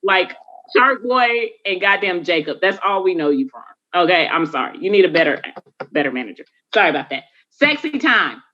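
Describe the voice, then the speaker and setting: A woman's voice: lowish voice, fairly quick, fairly bright tone. A woman hosting a podcast in casual chat, blunt, joking and profane. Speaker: podcast host. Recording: dull lo-fi recording.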